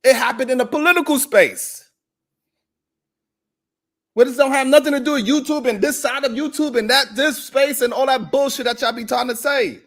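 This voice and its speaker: A man's voice: extremely high pitch, moderate pace, fairly bright tone. A man hosting a live stream, ranting in heated, profane reaction commentary.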